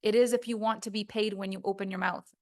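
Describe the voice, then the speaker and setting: A woman's voice: mid-range voice, fairly even intonation, quick pace. A woman voice coach giving a recorded course lesson, talking emphatically and acting out quoted voices.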